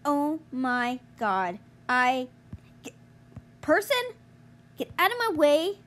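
A young woman commentating her gameplay, exasperated and groaning, yelling at other players to get out of her way. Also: sits high, sing-song, slow pace. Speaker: gamer streamer.

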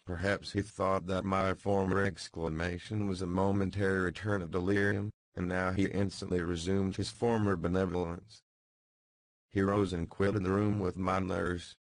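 A man narrates a classic novel in the first person with a deep, low voice and formal, measured phrasing. The recording is dry and close-miked. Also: creaky, no echo, low-quality recording. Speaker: audiobook narrator. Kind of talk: scripted narration.

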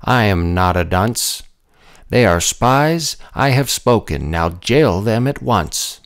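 A man's voice: lowish voice, animated, slow pace. A man voicing a proud, hot-tempered male king in a storybook, with a commanding manner.

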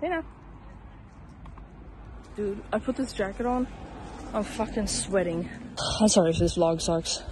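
A woman's voice: medium pitch, measured pace, pauses often, a little mellow, a little hiss or hum. A woman vlogging in a casual, chatty way, laughing often and swearing now and then. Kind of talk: casual vlog chat. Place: partly outdoors at night.

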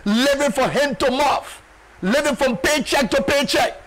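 A male pastor delivering a sermon in an emphatic, repetitive way and often shouting. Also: very high-pitched, measured pace, a little hiss or hum, rough recording.

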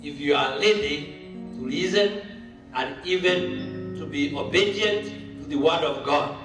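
A man's voice: on the high side, measured pace. A man giving an emphatic sermon-style speech at a church launch, mixing languages. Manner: emphatic, mixes languages, rising to a shout. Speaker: church leader speaking at a launch. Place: church hall. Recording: echoey hall, voice from far off, music behind.

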